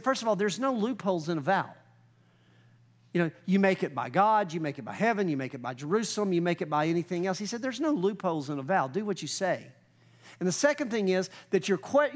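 A man with a high, light voice preaching to his congregation. He slows down to read scripture and grows louder and higher when he presses his point. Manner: earnest preaching, rises in pitch and volume when fired up, slows down for scripture. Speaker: pastor. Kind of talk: sermon.

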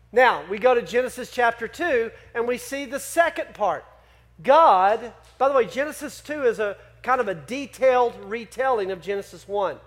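Male pastor, very high voice, animated sermon, questions to congregation.

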